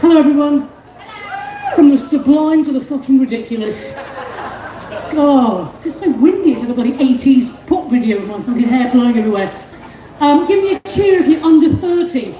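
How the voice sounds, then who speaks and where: A woman's voice: sits high, lively intonation, moderate pace, roomy sound, recorded from a distance, lo-fi sound, crowd noise. A woman doing a brash, sweary stand-up set on a windy outdoor stage. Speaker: comedian speaker.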